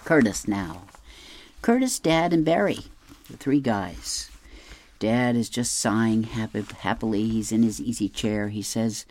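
A man reading an advice column and newspaper comics aloud, explaining the jokes in a gentle, chuckling way. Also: fairly low pitch, lively intonation, measured pace.

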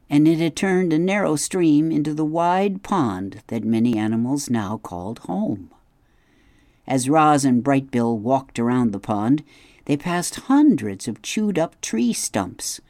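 A man reading a children's story aloud in steady, clear narration. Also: mid-range voice, no room sound, studio quality. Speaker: audiobook narrator. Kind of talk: scripted narration.

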